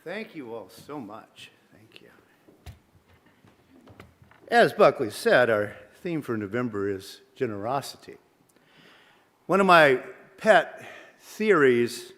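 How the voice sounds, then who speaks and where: A male minister giving a sermon in a measured, reflective way, posing questions to the congregation. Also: mid-range voice, a bit bright. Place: church sanctuary. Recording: long reverb of a large sanctuary.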